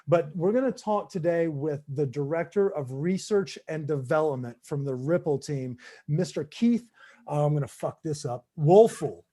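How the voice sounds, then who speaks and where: High-voiced, upbeat male podcast host. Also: moderate pace, warm tone. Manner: enthusiastic, loose. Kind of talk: casual podcast chat.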